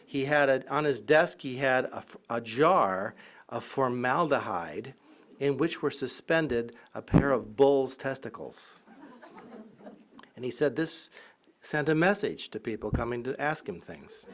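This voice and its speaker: A male professor gives a public talk in the manner of a storyteller. He is lively and irreverent, with frequent laughter and asides. His voice sits at an average pitch for a man. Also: measured pace, a little hiss or hum. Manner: anecdotal, often laughing. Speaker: college professor. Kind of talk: humorous public lecture.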